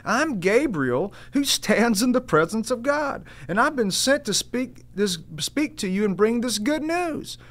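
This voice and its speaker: A man's voice: very high-pitched, lively intonation, a little slow, hardly any pauses, a bit bright, pitched above the performer's own voice, full character voice. A man voicing an exasperated male angel messenger who speaks with commanding, indignant emphasis. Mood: solemn.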